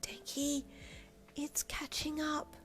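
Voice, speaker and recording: A woman voicing a shy young fairy princess who speaks in an urgent, pleading, high voice in a storybook tale. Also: fairly even intonation, normal speed, faint music behind. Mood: urgent whisper.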